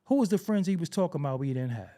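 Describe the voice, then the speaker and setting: Black guy ranting on a podcast, jumps all over in pitch, dark mellow tone, lots of cussing. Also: racing. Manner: animated, preachy, swears a lot. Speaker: podcast host. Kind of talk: heated casual discussion.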